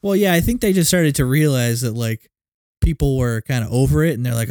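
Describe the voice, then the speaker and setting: A man's voice: mid-range voice, brisk, darkish tone, no echo, clean studio sound. A man co-hosting a casual movie podcast, rambling and saying "like" a lot. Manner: rambling, heavy use of "like". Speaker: podcast co-host.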